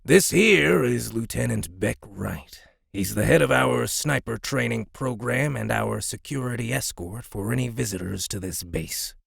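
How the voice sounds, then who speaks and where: A man voicing a brusque, contemptuous male base commander in an audiobook, with a gravelly, husky voice. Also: medium pitch, measured pace, few pauses, fairly bright tone, no room sound, studio quality, heavily acted. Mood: strained politeness. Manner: curt, contemptuous. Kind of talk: audiobook character voice.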